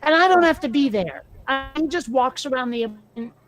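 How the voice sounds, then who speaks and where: A woman's voice: sits high, lively intonation, brisk, faint music behind. A woman chatting casually as a podcast co-host, rambling through anecdotes full of filler words. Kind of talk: casual chat.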